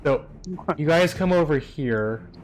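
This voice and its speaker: A man's voice: fairly high pitch, lively intonation, unhurried, a crowd in the background. A man running a tabletop game as game master, describing scenes in a loose, rambling way with many hesitations. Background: soft background music.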